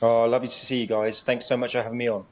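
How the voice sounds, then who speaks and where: A man's voice: medium pitch, little pitch movement, racing, muffled recording. A man, a police inspector, chatting as a guest in a friendly, affirming way with ums, over a video call. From United Kingdom. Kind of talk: casual interview chat.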